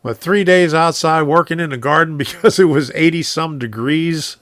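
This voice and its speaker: A man's voice: on the high side, normal speed, fairly bright tone, no room sound, clean studio sound. A man hosting a casual live stream from his home train room, rambling, chuckling often and reading viewers' comments aloud.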